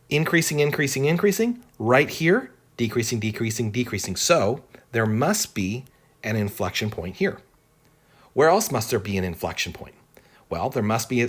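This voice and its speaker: A man's voice: mid-range voice, husky. Man teaching calculus, thinking aloud. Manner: thinks aloud, repeats words, asks "right?" often. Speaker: math teacher. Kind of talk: whiteboard calculus lesson.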